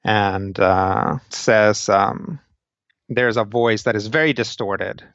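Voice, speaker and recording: A low-voiced man narrating a tabletop game as game master. He talks slowly and meanders through scene descriptions. The recording is dry and a little dull. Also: fairly bright tone, dry recording.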